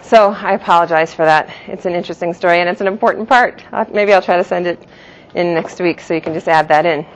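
A woman's voice: on the low side, fast talker. A woman teaching a Jewish philosophy class, explaining terms patiently and giving each in two pronunciations. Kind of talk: classroom lecture. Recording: dull lo-fi classroom recording.

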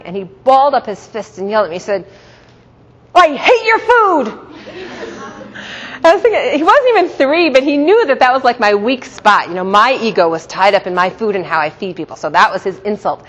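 A middle-aged woman giving a religious teaching talk to a group, telling stories warmly and laughing often. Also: mid-range voice. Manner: warm, storytelling, laughs often. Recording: dull sound in a reverberant hall.

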